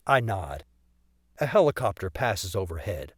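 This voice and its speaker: A man's voice: medium pitch, big pitch swings, unhurried, no room sound, studio quality. A man narrating a comic story in the first person for an audiobook, telling it expressively.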